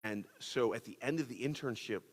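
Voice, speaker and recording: A man's voice: medium pitch, brisk. Man preaching in a reverberant church hall. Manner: personal storytelling, conversational with many fillers. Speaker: pastor. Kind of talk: sermon. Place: church auditorium.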